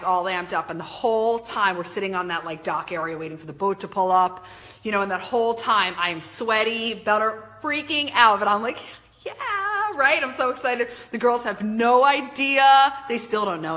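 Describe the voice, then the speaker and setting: A middle-aged woman and life coach giving an emphatic, animated motivational talk on a live stream, reading out viewer comments and swearing casually. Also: mid-range voice. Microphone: webcam or phone mic.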